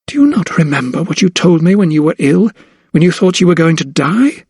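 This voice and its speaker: A fierce, desperate young noblewoman, as a male reader puts her on, her voice pushed high and strained as she pleads and cries out. The sound is dry and close, a storybook reading. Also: expressive, brisk, darkish tone, husky, no echo.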